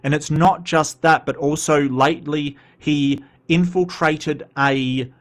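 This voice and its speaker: A man's voice: on the high side, steady tone, slow. A man from Western Australia with an Australian accent, hosting a casual livestream and chatting with viewers in a rambling way full of asides. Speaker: host reading live chat.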